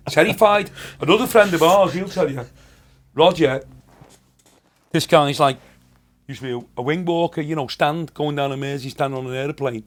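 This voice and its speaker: Chatty Liverpool comedian telling stories. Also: male voice, fairly high pitch, normal speed, long pauses. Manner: anecdotal, chatty, rambling. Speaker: comedian guest. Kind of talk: casual storytelling.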